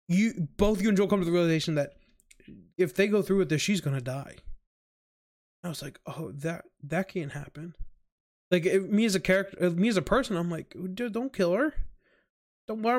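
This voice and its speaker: Excited rambling young man. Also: high voice. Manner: excited, rambling, heavy use of "like", swears often. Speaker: gamer recapping a video game. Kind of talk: casual rambling recap.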